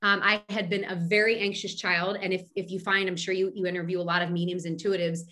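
Bright-voiced woman from Philadelphia. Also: on the low side, level tone, fast. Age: middle-aged. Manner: chatty, with frequent restarts and fillers. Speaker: medium, podcast guest. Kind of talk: casual interview conversation.

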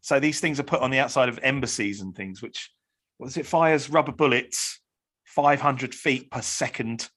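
A man in relaxed conversation with a husky, slightly raspy voice. He talks loosely and expressively and swears now and then. His pitch sits in the middle range. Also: moderate pace. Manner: chatty, expressive, swears casually. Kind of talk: casual chat.

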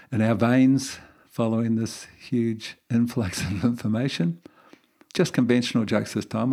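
A man hosting a podcast, explaining and telling jokes in a relaxed manner. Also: mid-range voice. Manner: relaxed storytelling, gravelly. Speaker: podcast host. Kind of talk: podcast monologue.

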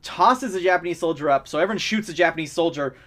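A man's voice: on the high side, quick pace, a bit bright. A man in casual podcast chat, rambling and laughing as he retells movie scenes.

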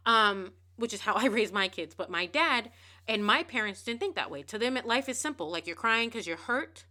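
A woman in her thirties hosting a podcast, telling a personal story in a candid, animated way and swearing freely. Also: fairly high pitch, a little fast. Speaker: podcast host. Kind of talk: casual storytelling monologue.

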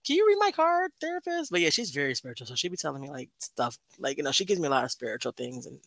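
A woman's voice: extremely low pitch, rapid-fire, gravelly, a bit bright, no echo. A young woman hosting a podcast in casual chat, telling stories animatedly and acting out quotes. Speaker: podcast host.

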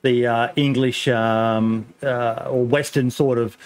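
A man's voice: mid-range voice, steady tone, slow, smooth. An Australian man hosting a podcast, chatting casually with lots of filler words and swearing. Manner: swears freely, lots of ums and laughs. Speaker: podcast host.

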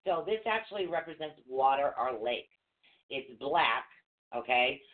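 A rune teacher hosting a live show speaks at medium pitch with lively intonation and a measured pace. He walks viewers through each step patiently, spells out words, and trades banter, all over a tinny, phone-like line.

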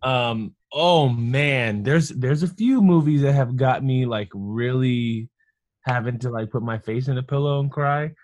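A man's voice: medium pitch, measured pace, darkish tone, no room sound, clean studio sound. A man in his thirties, a married father, talking casually and reflectively on a podcast, in long earnest phrases. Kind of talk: casual chat.

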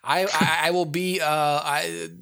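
A man's voice: a little high, little pitch movement, takes it slowly, vocal fry, pushed and bright, clear, resonant tone. A man co-hosting a podcast in casual chat, rambling and restarting his sentences with lots of fillers. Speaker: podcast co-host.

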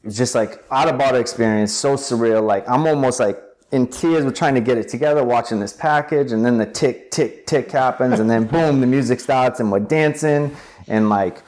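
A young adult man, an interview guest, telling a personal story in an animated way with many filler words. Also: medium pitch, moderate pace. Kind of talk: conversational storytelling.

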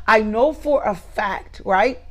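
Female devotional preacher, fervent and repetitive, mid pitch, grows emphatic. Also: slow. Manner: fillers and restarts, talks directly to listeners. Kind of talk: morning devotional sermon.

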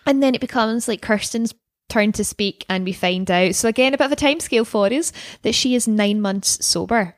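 A woman's voice: fairly high pitch, fairly quick, no echo, studio quality. A young woman co-hosting a podcast, chatting casually about a TV episode, swearing freely and acting out lines. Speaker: podcast co-host. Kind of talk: casual chat recapping a TV episode.

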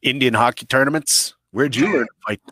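A man from Canada, telling a comedic story in a rambling, blunt and profane way, breaking into shouted impressions. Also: medium pitch, fairly quick, no room sound, studio quality.

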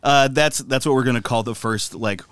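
A man's voice: mid-range voice, normal speed, clear, resonant tone, no echo. A man co-hosting a casual comedic chat, riffing with profanity and goofy voices. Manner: animated, profane, riffs with goofy put-on voices. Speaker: podcast co-host.

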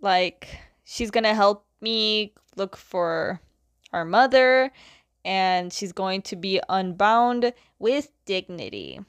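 A woman's voice: medium pitch, big pitch swings, slow pace, clear, resonant tone, no echo. A woman voicing an earnest, anxious young prince who talks hesitantly.

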